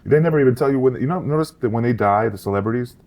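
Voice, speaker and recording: A slightly hoarse man co-hosting a casual comedy podcast and telling rambling stories. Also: medium pitch, rapid-fire, darkish tone. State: slightly hoarse after a chest infection.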